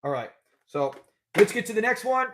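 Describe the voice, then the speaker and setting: A man with a notably high voice hosts a live trivia stream. He keeps things loose and conversational, chatting with viewers and laughing easily. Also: very animated, moderate pace, noisy background. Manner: chatty, upbeat, laughs often. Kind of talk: casual live-stream chat.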